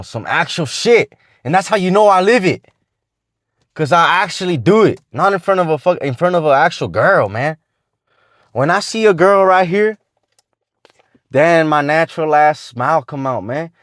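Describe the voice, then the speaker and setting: A man's voice: on the high side, animated, normal speed, long pauses, fairly bright tone, no echo, clean studio sound. A man giving casual dating advice to the camera, talking in slang and swearing freely as he rambles along with restarts.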